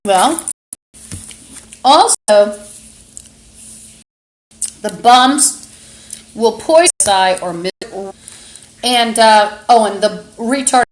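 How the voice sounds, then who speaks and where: Her pitch fairly high and her delivery expressive, a woman hosts a rambling live-stream monologue aimed at a phone camera. She stumbles along with many fillers and flares into angry insults, and the recording is rough.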